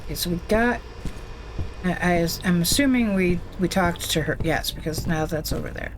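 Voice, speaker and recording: A woman's voice: lowish voice, normal speed, noisy background. A woman streaming a video game, commenting casually in a blunt, opinionated way with plenty of swearing.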